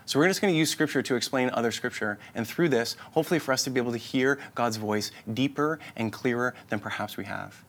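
A man delivering a sermon in an earnest, inviting way. His voice sits at a middle pitch, and he circles back over his points for emphasis. When he leads the congregation in prayer, he sinks into a hushed tone. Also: fast talker, few pauses. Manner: earnest, repetitive, inviting phrasing; drops to a soft, low voice in prayer. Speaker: pastor.

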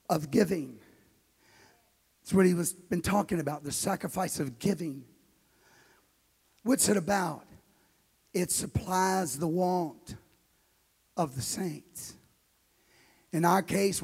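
Male pastor, fiery sing-song sermon, gravelly and husky tone. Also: high-pitched. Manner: shouting, sing-song preaching cadence. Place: church auditorium.

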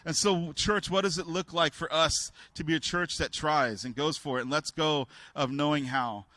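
Preaching through personal stories, a man speaks candidly and haltingly, restarting often, and raises his voice to play the people in them. His voice is a little high, steady and sharp, with no room sound.

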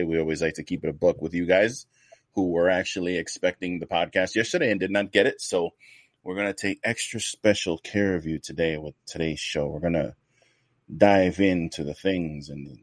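A man hosts a casual podcast in a low, deep voice. He rambles loosely through banter and swears freely. The sound is very dry and close, with no room behind him. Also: dry recording. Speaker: podcast co-host.

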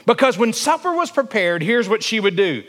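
A young pastor from Alabama preaches a sermon, weaving in stories and calling out for responses from his congregation. His voice is high-pitched and a bit bright, with big swings in pitch and a moderate pace. The long reverb of a church hall surrounds the recording.

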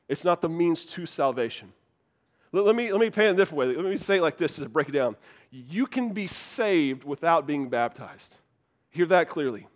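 A man preaching a sermon, telling a joke with animated storytelling and repeating key lines for emphasis. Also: fairly high pitch. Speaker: pastor.

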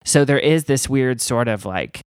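A man talks casually and at length, his speech wandering through asides and stories. He gets animated and lively when something excites him. The room is dry, with no echo at all. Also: mid-range voice, a little slow, clean tone. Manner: rambling, animated storytelling. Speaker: guest musician. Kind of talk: casual conversation.

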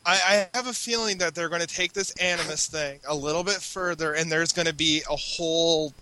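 A man's voice: on the high side, fairly even intonation, brisk, sharp tone, slight background noise, low-quality recording. A man co-hosting a podcast, chatting casually in a rambling, self-correcting way. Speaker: podcast co-host. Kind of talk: casual chat.

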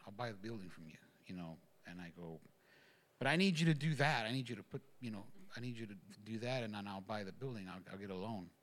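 Giving a casual spoken testimony at a church gathering, a man rambles with many fillers and restarts. He talks fast and animatedly in a fairly low, slightly bright voice.

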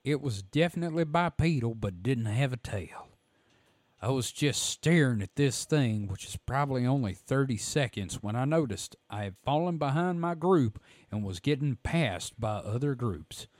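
A hoarse man voicing a drawling Southern male storyteller who recalls a boyhood camp, reading the account aloud in a put-on Southern accent. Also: mid-range voice, expressive, moderate pace, darkish tone, dry recording, close to an everyday voice. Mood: storytelling. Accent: American Southern. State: hoarse throat.

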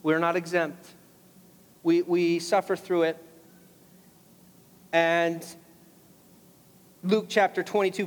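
A man's voice: fairly high pitch, long reverb tail. A man preaching a sermon as pastor, impassioned, rising to emphatic peaks on key phrases.

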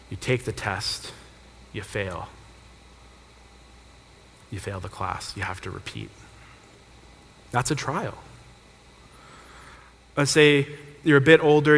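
A man's voice: mid-range voice, fairly bright tone. A young man who is a pastor, giving a conversational sermon built on everyday examples. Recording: reverberant hall.

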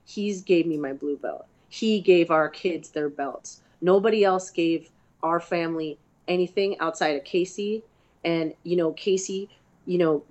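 A woman, a grappler and fighter, telling stories in a chatty, profane way as a guest in a casual interview. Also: fairly low pitch. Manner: chatty, profane, animated storytelling.

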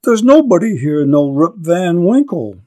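A man's voice: on the low side, wildly swooping pitch, unhurried, a little mellow, exaggerated voice. A man reading aloud and voicing a bewildered, ragged old man who pleads anxiously in a raised, strained voice. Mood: desperate. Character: bewildered old man, ragged, back after twenty years.

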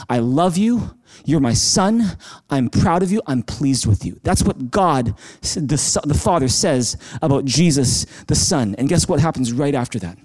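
A pastor giving a conversational sermon, emphatic and repeating phrases for emphasis. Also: male voice, high voice.

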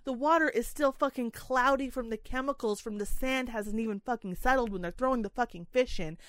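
A woman's voice: on the high side, brisk, fairly bright tone, no room sound. A young adult woman telling a story in a casual, angry rant, swearing freely and dramatizing it. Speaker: podcast co-host telling a story.

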